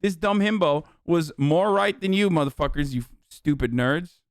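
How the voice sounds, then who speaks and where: A young man streaming, chatting with his audience in a profane, mocking way and breaking into loud laughs. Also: on the high side, lively intonation, normal speed, clear, resonant tone, dry recording, clean studio sound. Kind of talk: casual livestream chat.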